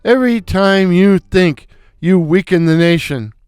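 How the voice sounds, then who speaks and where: A man voicing a gruff, bossy middle-aged male slapstick comedian who barks sarcastic insults. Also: high-pitched, unhurried, a little mellow, no echo, studio quality.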